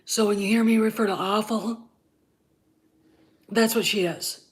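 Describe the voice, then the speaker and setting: The channel's host, a woman recovering from covid, sounds congested as she shares heated, blunt, profane takes. Her mid-range voice keeps fairly even intonation and a measured pace.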